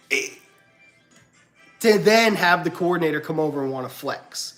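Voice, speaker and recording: A man rants through a story on his livestream. He is animated and acts out other people's lines with big jumps in pitch. Faint music plays behind him. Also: normal speed, pauses often. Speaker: livestream host. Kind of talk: casual storytelling rant.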